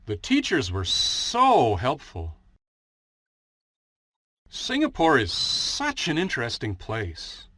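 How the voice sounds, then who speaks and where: A woman reading pronunciation example sentences with slow, exaggerated sentence stress. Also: extremely low pitch, wildly swooping pitch, fairly bright tone, husky, no echo, clean studio sound, voice pushed down, full character voice.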